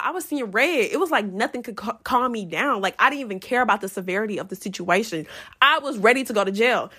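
Animated young woman telling a storytime. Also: a little high. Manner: animated, profane, addresses viewers as y'all. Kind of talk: casual storytime to camera.

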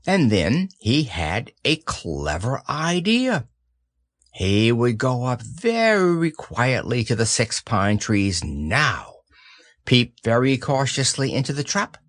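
A man narrating a children's audiobook with slow, expressive storytelling. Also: mid-range voice, no echo, clean studio sound.

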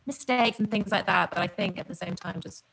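A woman's voice: lowish voice, fairly quick, vocal fry, crowd noise, poor audio. A woman with a non-American English accent, guest on a podcast, talking in a rambling, laughing, playful way over a remote call. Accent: non-American English, often taken for Australian. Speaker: guest singer. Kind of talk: casual podcast interview.

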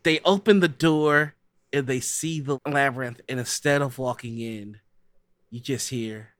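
A man narrating a tabletop role-playing game as game master, with a lively way of talking. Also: medium pitch, a little slow, dry recording, studio quality. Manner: lively, breaks into shouted voices for characters.

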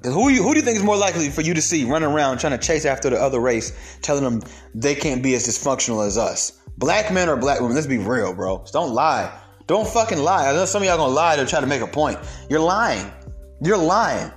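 A man's voice: on the high side, big pitch swings, brisk, soft background music. A young man delivering a heated, profane rant of social commentary, emphatic and blunt.

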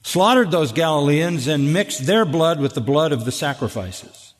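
A man delivers a sermon from the pulpit, his somewhat high voice pressing each point home. He fires rhetorical questions straight at the congregation, and long reverb trails his words through the church sanctuary. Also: expressive, moderate pace. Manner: emphatic, addresses the congregation directly with rhetorical questions. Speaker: pastor. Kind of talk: expository sermon. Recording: echoey hall with long reverb.

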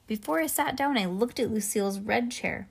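Lady reading a children's chapter book out loud, lively expressive storytelling. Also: on the high side, moderate pace, vocal fry, husky. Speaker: reader.

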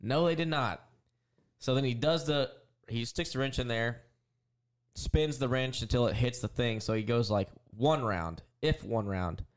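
A man's voice: medium pitch, normal speed. A man co-hosting a podcast as a race car driver, telling rambling stories in a laid-back, casual way full of fillers. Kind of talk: casual chat.

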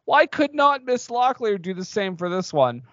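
A man's voice: sits high, very animated, normal speed, a bit bright, dry recording, highs cut off. A man co-hosting a casual podcast, reading listener reviews in a laid-back way and laughing along. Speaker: podcast co-host.

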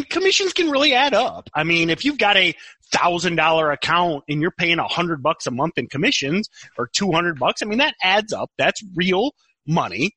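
A man's voice: sits high, pushed and bright, no room sound. A man co-hosting a podcast in casual chat, teasing and joking. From United States. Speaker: podcast co-host.

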